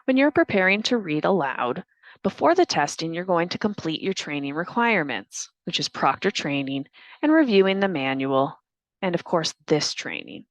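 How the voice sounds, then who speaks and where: Clear, deliberate woman giving training. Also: fairly low pitch, sing-song, no room sound. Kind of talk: scripted training narration.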